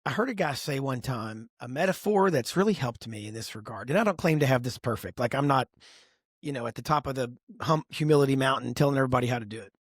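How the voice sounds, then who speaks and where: A middle-aged man talking with a husky, slightly breathy voice that swings up and down as he tells stories. His podcast delivery is animated and expressive, recorded close on a dry studio mic. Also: medium pitch, fast talker, dry recording. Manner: animated storyteller, lively and expressive. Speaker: podcast co-host. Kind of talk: casual podcast conversation.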